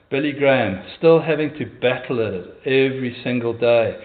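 A man's voice: mid-range voice, normal speed, hardly any pauses. Pastor guy giving a sermon, earnest and chatty, mid voice, tinny phone sound. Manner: earnest, conversational preaching with hesitations. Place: church.

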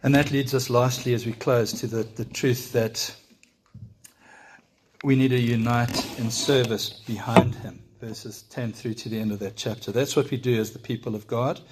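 Male preacher, mid-pitched, earnest sermon delivery in church, asks the congregation questions. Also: steady tone, moderate pace, background noise. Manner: earnest, direct address to congregation with rhetorical questions.

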